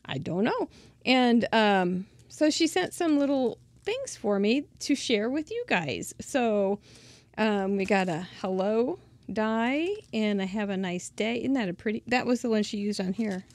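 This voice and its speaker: A woman's voice: medium pitch, animated, unhurried, a little mellow, no echo. A woman hosting a craft channel, gushing and chatty as she shows off mail she was sent, often laughing. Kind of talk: casual show-and-tell of mail.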